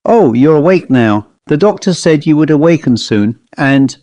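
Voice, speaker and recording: A man's voice: fairly high pitch, animated, normal speed, no echo, lightly acted. Man voicing a friendly hospital nurse. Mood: gentle. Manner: gentle, becoming formal.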